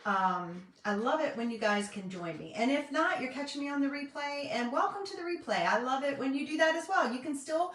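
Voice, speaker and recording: A middle-aged woman from North Carolina, a craft vlogger and independent designer with a Southern US accent, chats casually on a live stream from her home craft room. Her high, somewhat bright voice runs a little fast with hardly any pauses, full of fillers and folksy asides, and the echoey room makes her sound a bit distant.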